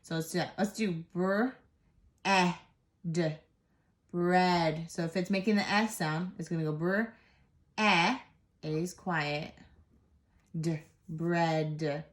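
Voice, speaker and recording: A woman teaching a first grade phonics lesson, sounding out letters slowly and patiently and praising the class. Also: fairly low pitch, fairly even intonation.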